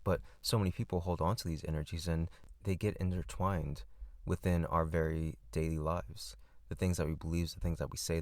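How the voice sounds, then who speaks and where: A man hosting a podcast, giving a gentle, reflective monologue with soft repetitions and restarts. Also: deep voice, no room sound, studio quality. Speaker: podcast host.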